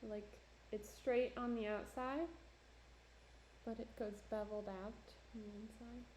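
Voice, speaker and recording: A woman's voice: fairly high pitch, fairly even intonation, measured pace, a little mellow, a little hiss or hum. A woman from New Jersey streaming while she works on pottery, chatty and self-deprecating, laughing often. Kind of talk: casual livestream chat while working. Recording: roomy echo.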